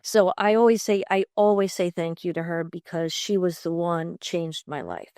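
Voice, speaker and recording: A woman's voice: fairly low pitch, normal speed, a little mellow, clear, resonant tone, no room sound, studio quality. A middle-aged woman from Long Island, a podcast guest talking in an enthusiastic, chatty way with many fillers. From Long Island, New York. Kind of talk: conversational interview.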